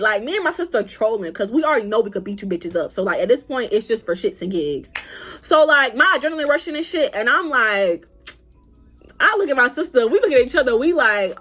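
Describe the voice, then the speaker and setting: A young woman telling a story to her vlog audience in an animated, profane, casual way. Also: fairly high pitch, fairly quick. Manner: animated, profane, acts out other people's lines. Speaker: vlogger.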